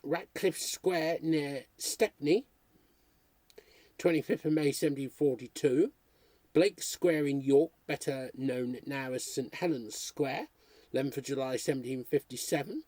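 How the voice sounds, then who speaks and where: Husky man reading a book aloud. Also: mid-range voice, a little slow, no echo. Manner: steady, careful reading of dates and places. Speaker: reader.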